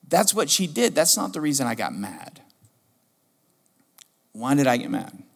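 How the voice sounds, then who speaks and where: Middle-aged pastor guy preaching, kinda high voice, funny story-telling vibe, big echoey church hall. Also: fairly quick, gravelly. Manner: storytelling, animated and humorous. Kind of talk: sermon. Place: church auditorium. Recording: long hall reverb.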